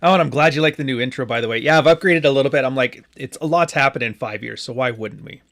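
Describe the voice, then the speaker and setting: A man's voice: mid-range voice, fast, a bit bright. A man in his late thirties from Canada, hosting a podcast in loose, joking chat with his live audience, swearing freely. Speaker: podcast host. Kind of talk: casual live-stream talk to a chat.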